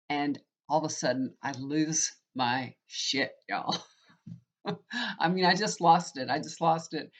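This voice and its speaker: A woman in her fifties, a tarot reader, telling a rambling personal story in a chatty, casual way. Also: low voice. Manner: chatty, rambling, frequent "you know". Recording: dull lo-fi recording.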